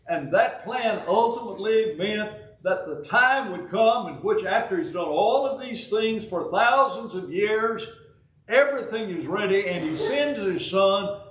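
A man in his eighties with a Southern US accent, from Alabama, preaching a sermon in a folksy way with joking asides and halting restarts. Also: sits high, a bit bright. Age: 80s. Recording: roomy sound, from a distance.

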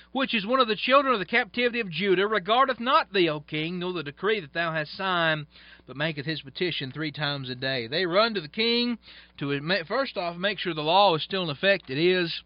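A man's voice: high-pitched, expressive, fairly quick, dry recording. A man preaching a sermon, reading scripture aloud and explaining it in plain, folksy asides. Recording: dull, dry, lo-fi sound.

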